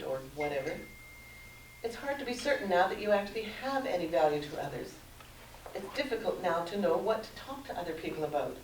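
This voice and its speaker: A middle-aged woman speaks to a conference audience, telling her story in an earnest, measured way. She is heard from some distance in a roomy space. A steady background noise sits under her voice. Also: on the low side. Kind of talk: prepared personal talk read aloud. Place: conference room.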